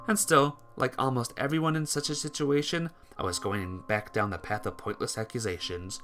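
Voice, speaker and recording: A man reading a visual novel aloud in a let's play, with lively delivery and occasional stumbles and restarts. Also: mid-range voice, normal speed, hardly any pauses, soft background music.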